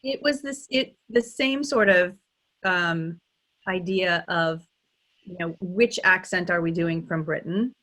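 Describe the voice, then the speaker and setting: Middle-aged lady dialect coach chatting away, kinda low voice, lots of ums and restarts. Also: a bit bright. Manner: chatty, thinks aloud with many restarts and ums. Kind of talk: casual interview conversation.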